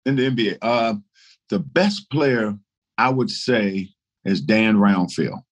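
A man, a guest telling lively stories in casual chat and laughing through them. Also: lowish voice, slow. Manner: animated storyteller, laughing through anecdotes. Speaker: guest, retired basketball player.

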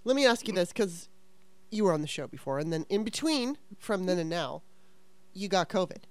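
A woman's voice: fairly low pitch, animated, moderate pace, dry recording. A woman hosting a podcast interview in a casual, chatty way, laughing often. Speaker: podcast host.

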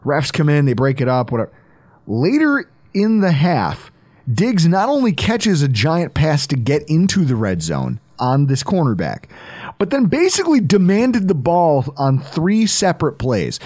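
A man's voice: a little high, wildly swooping pitch, normal speed, a little mellow. A man hosting a casual sports podcast, joking, riffing and laughing as he talks. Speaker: podcast host.

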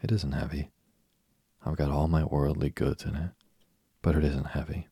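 A man's voice: very deep voice, little pitch movement, normal speed, vocal fry, warm tone, slightly rough, no room sound, studio quality, exaggerated voice. A man reading as an eager chatterbox orphan girl. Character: chatty imaginative orphan girl, about eleven.

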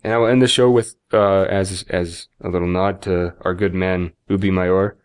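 A man's voice: deep voice, clean tone, dry recording. A man hosting a podcast, chatting casually and joking, then rattling off the show's plugs. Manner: animated, jokey, rattles off plugs quickly. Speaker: podcast host.

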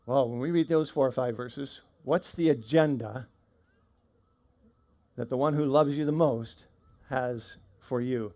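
A man's voice: mid-range voice, unhurried, pauses often, mellow, highs cut off. A man preaching a sermon in a conversational way, with frequent fillers and restarts. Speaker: pastor.

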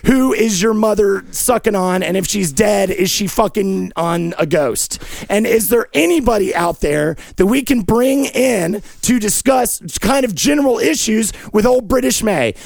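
A man's voice: sits high, animated, measured pace, gravelly, darkish tone, no room sound, clean studio sound. A man hosting a comedy show, delivering a rambling, profane, improvised rant that slips into a sing-song lilt.

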